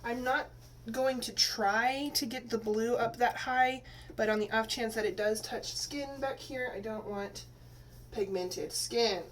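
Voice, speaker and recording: A woman's voice: on the high side, measured pace. Chatty woman from Texas, slightly distant mic. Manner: chatty, rambling, many fillers and restarts. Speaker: teacher and vlogger. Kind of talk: casual hair-dye tutorial vlog. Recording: slightly distant mic, faint room noise.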